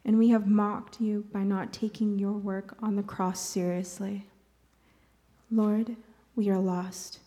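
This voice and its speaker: A woman's voice: medium pitch, little pitch movement, slow, mellow. A woman leading the congregation in a solemn prayer of confession. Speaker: prayer leader.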